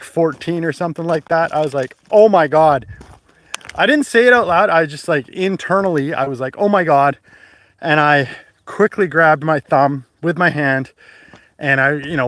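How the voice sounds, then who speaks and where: A man livestreams from a mountain trail outdoors, talking into a phone held at arm's length. His voice sits a little high, and he rambles in a chatty way with restarts and laughs. He breathes hard from the climb. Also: a bit bright, no room sound. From Canada. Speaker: hiking vlogger and livestream host. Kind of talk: casual livestream chat while hiking.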